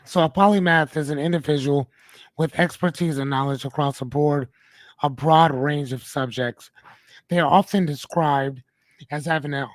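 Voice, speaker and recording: In a clean studio with no echo, a podcast host talks at normal speed in a steady tone, his voice a little high. He's rambling and casual, often correcting himself and addressing his audience.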